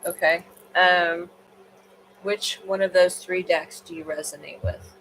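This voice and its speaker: A woman's voice: lowish voice, fairly even intonation, measured pace, fairly bright tone, slight background noise, low-quality recording. Tired, chatty woman reading tarot. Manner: rambling, chatty, with fillers. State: tired, late at night. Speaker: tarot card reader. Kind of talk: casual livestream card reading.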